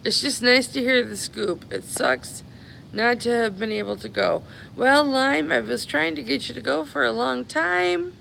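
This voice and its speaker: A woman's voice: a little high, a little slow, creaky, a bit bright, slight background noise, low-quality recording. A woman live-streaming on her phone from an airport, chatting affectionately with her followers and calling them honey. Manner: chatty, affectionate, calls viewers babies and honey. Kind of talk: casual live-stream chat. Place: airport, stranded after a cancelled flight.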